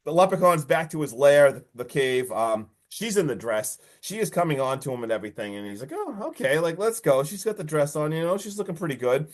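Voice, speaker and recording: A man hosting a podcast, excitedly recapping a horror movie in casual chat and acting out lines from it. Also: a little high, fairly quick, hardly any pauses. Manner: excited, swearing, acts out lines from the film. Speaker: podcast host.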